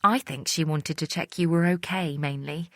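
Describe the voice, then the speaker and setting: A woman's voice: deep voice, steady tone, moderate pace, fairly bright tone, dry recording, clean studio sound. A woman voicing a chatty office colleague. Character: friendly female office colleague. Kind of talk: audiobook character voice.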